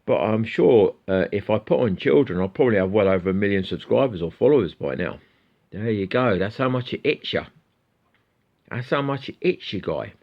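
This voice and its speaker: A man's voice: low-pitched, muffled recording. A middle-aged man chatting casually to camera as a guitar YouTuber, rambling and swearing freely.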